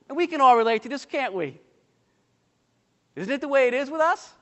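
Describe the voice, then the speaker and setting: A man preaching a sermon in a high, light voice that rings out with a long hall reverb. He presses his points with emphatic rhetorical questions to the congregation and slips in light humorous asides. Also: expressive, normal speed, pauses often, a bit bright, lo-fi sound. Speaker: pastor.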